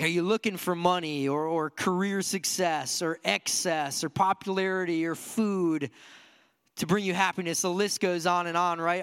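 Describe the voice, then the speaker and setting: A man's voice: fairly high pitch, fairly bright tone, long reverb tail. A man preaching a sermon to a church congregation in an earnest, conversational way, asking his listeners many rhetorical questions. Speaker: pastor.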